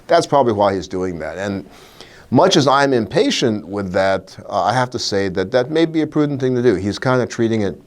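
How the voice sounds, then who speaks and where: A middle-aged man giving solo legal commentary in a wry, animated way, with short laughs and fillers. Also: fairly low pitch, fairly quick.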